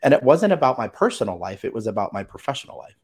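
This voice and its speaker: A middle-aged man telling a personal story as a podcast guest, animated, acting out other people's lines and swearing casually. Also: medium pitch, fast talker, breathy edge. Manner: animated, acts out quoted voices, swears casually.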